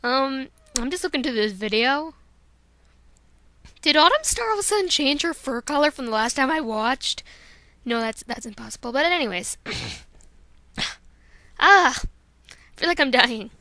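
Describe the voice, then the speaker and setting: A woman's voice: high-pitched, expressive, normal speed, long pauses, pushed and bright, no echo. A young woman chatting casually into a close home mic, rambling and self-deprecating between her voice-acting takes. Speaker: amateur voice actor. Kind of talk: casual vlog chat.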